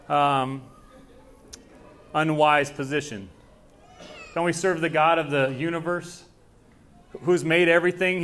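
Young male pastor, conversational sermon delivery with acted dialogue, slightly high-pitched. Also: a bit bright.

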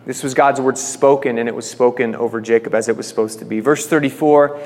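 A man casually teaching a Bible passage, reading verses aloud and then paraphrasing them in relaxed everyday slang. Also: medium pitch, a little fast, long reverb tail.

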